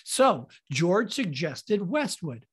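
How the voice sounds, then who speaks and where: A middle-aged man hosting a podcast, telling a funny personal story in a theatrical, animated way. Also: sits high, slow, husky. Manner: animated, theatrical, acts out scenes.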